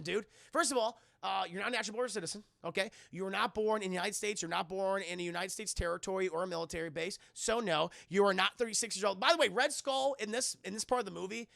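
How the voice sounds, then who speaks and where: An excitable man streaming a movie recap to his chat, swearing often and breaking into quick mock voices for the characters. His voice is very gravelly, bright and edgy. The sound is close and dry, from a streaming mic. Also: sits high, no echo. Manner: profane, excitable, acts out scenes in quick funny voices. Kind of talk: animated spoiler recap with chat.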